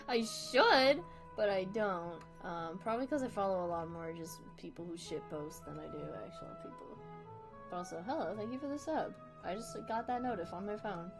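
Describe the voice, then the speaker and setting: A woman's voice: mid-range voice, moderate pace, over music. A woman streaming herself drawing, chatting casually with viewers, giggly and rambling, often laughing at herself. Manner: giggly, rambling, self-deprecating. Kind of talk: casual livestream chat.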